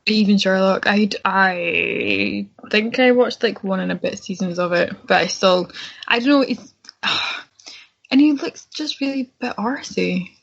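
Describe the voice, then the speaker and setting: A woman's voice: medium pitch, unhurried, gravelly. A woman co-hosting a casual film discussion, chatty and frank, often restarting her sentences. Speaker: podcast co-host. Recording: dull lo-fi podcast audio.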